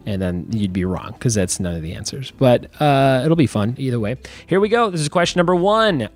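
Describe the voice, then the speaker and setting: A man hosts a casual trivia podcast in a playful, jokey tone. He stretches out the quiz terms slowly and clearly, then riffs off-script. Faint music sits under his voice. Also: on the low side, expressive.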